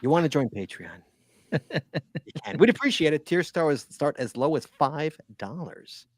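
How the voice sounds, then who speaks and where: A man's voice: fairly high pitch, sing-song, normal speed, dry recording. A man hosting a live call-in podcast, playful and teasing, with announcer-like reads. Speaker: podcast host.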